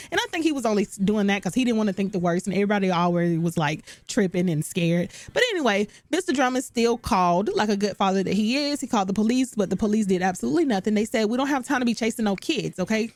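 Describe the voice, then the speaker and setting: A woman's voice: mid-range voice, no room sound. Chatty woman recapping a sitcom. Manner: chatty, animated, talks straight to viewers. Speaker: recap host. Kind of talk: casual recap commentary.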